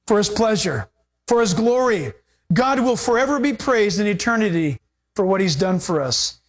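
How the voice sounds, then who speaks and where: A man preaching a sermon as pastor, animated and playing out voices in his stories. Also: sits high, normal speed. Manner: animated, acts out quoted voices with laughter.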